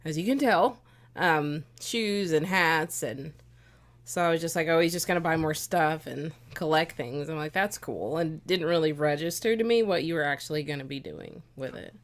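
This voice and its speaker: Wife chatting on her husband's stream, lowish voice, laid back, teases him a bit. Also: moderate pace. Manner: relaxed, soft-spoken storytelling, teasing. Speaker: host's wife, guest. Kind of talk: casual chat.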